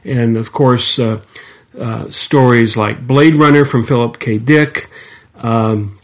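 A man co-hosting a podcast, talking in a halting way with many fillers and restarts. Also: mid-range voice, fairly even intonation. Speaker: podcast co-host. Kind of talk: casual discussion.

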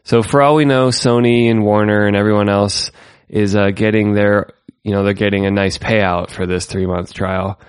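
A man's voice: lowish voice, fairly even intonation, moderate pace, few pauses, clean tone, dry recording, studio quality. A man co-hosting a casual tech podcast, chatty and sarcastic, laughing often. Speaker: podcast co-host.

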